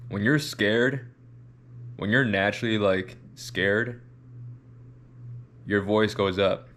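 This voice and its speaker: A man's voice: fairly low pitch, takes it slowly, a bit bright, a little hiss or hum. A man hosting a reaction video, talking in a loose, rambling way and repeating himself as he makes his point. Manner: rambling, repeats words, demonstrates voices. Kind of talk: casual commentary.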